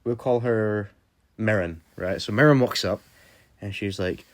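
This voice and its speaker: A man's voice: lowish voice, a little fast. A young man telling a storytime vlog in a casual, rambling way, full of fillers and swearing. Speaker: vlogger.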